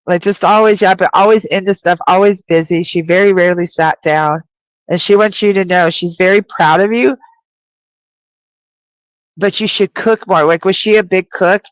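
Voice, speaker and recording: A woman's voice: lowish voice, fairly even intonation, normal speed, no room sound, poor audio. A woman working as a psychic medium who gives a live-streamed spirit reading. She talks in a chatty, rambling way, full of "like," with light laughter.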